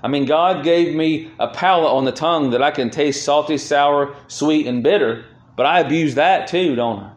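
With a slightly high voice, moderate pace, and hardly any pauses, a pastor preaches earnestly in a room with a roomy echo. His voice swells with feeling when he reads scripture aloud.

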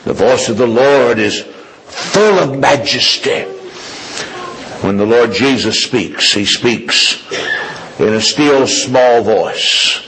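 A man preaching a sermon with an emphatic, repetitive cadence, moving from low confiding tones to high ringing declarations. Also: lively intonation, slow, a bit bright, poor audio.

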